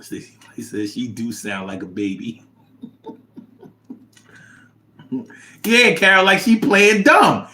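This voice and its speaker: A man hosting a casual livestream, reading viewer comments aloud and reacting with animated, chat. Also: slow, long pauses, noisy background. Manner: animated, drops to low mumble reading comments.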